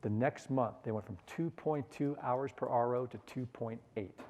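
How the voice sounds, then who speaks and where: A middle-aged man leading a sales seminar, energetic and coaxing the audience to repeat phrases after him. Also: medium pitch, normal speed, highs cut off, slight background noise. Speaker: sales trainer. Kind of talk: conference seminar talk.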